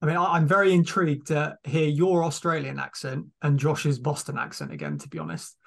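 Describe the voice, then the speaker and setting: Man, slightly high voice, gravelly, podcast co-host, playful, teasing. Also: animated, a little fast. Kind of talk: casual podcast chat.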